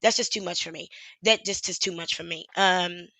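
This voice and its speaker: A woman's voice: lowish voice, steady tone, normal speed, gravelly, pushed and bright, no room sound. A woman YouTuber in her thirties talking in a casual, rambling livestream chat, frank and swearing freely.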